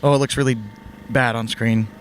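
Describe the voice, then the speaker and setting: A man's voice: medium pitch, fairly even intonation, normal speed, slight background noise. An easygoing man bantering as co-host on a casual live stream.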